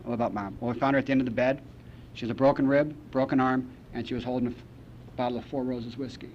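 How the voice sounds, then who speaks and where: A man speaking at a recovery meeting, telling a personal story in a wry, deadpan storytelling way, on a muffled archival recording. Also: mid-range voice, quick pace. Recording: muffled archival tape with faint noise.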